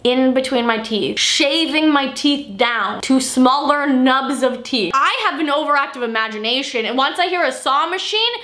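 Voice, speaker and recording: Woman, 20s, vlogger, joking storyteller, bright high voice, roomy echo. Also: moderate pace, few pauses. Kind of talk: storytime vlog. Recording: echoey room.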